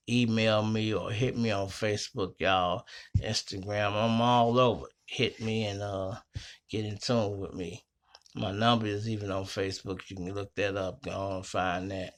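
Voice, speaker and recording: A middle-aged man hosting his own show from a small home studio, telling stories in a slangy, profane, animated way. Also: lowish voice. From Chicago. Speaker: host. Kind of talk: casual storytelling monologue.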